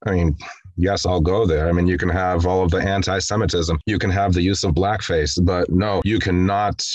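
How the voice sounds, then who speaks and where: A man co-hosting a casual film discussion, retelling scenes in an animated way and acting out the quotes. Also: low-pitched, moderate pace, no echo. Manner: animated storyteller who acts out quotes. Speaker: podcast co-host.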